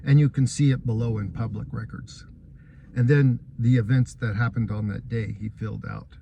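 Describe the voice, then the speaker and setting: A man with a gravelly, dark, middle-pitched voice recounts his own court case event by event, addressing the listener directly in an earnest, aggrieved tone. He speaks at normal speed with a steady tone, and the audio has cut-off highs and slight background noise.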